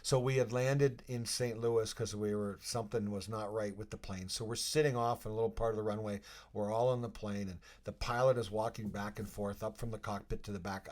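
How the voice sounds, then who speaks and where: A man in his fifties, a retired hockey player guest, telling stories in a rambling, animated way and laughing as he acts out scenes. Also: fairly low pitch. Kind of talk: casual storytelling interview.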